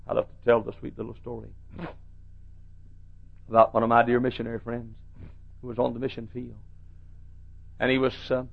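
A middle-aged male pastor preaching a sermon, swinging from soft storytelling to loud shouted calls. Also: medium pitch, gravelly, lo-fi sound.

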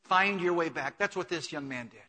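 A man preaching a sermon in a church, swinging from hushed to loud, urgent pleading with much repetition. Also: fairly high pitch, brisk, long reverb tail. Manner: impassioned, repetitive exhortation. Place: church sanctuary.

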